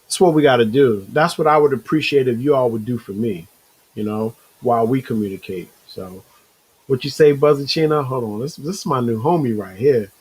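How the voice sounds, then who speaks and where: A man hosting a casual motivational talk show, rambling and animated, acting out inner voices, with a slight cough. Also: medium pitch, fairly quick, slightly rough, poor audio. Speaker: show host.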